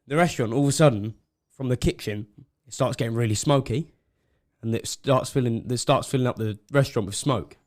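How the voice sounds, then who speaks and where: A man's voice: mid-range voice, fairly quick, darkish tone. Rambling man telling a story. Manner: rambling joke-teller, laughs often, trails off. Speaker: podcast co-host. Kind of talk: casual chat.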